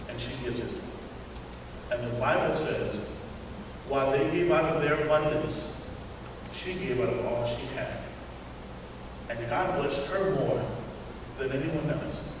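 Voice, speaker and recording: A middle-aged pastor preaching a sermon, telling stories with humorous asides to the congregation. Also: male voice, mid-range voice, a little slow, pauses often, noisy background. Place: church sanctuary. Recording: echoey church hall from far off.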